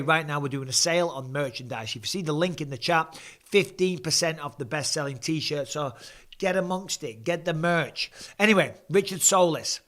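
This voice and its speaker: A man's voice: on the high side, fairly bright tone. A middle-aged man, chatting casually and swearing freely as he hosts a live fight watch-along. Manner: chatty, swears casually, reads out viewer comments. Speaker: host and former fighter.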